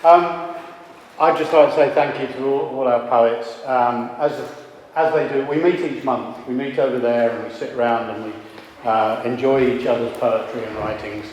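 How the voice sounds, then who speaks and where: A man's voice: mid-range voice, steady tone, moderate pace, darkish tone, highs cut off. A man hosting a live poetry event, speaking casually and hesitantly with many fillers. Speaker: host of the poetry group. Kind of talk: casual closing remarks. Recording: echoey hall, faint noise.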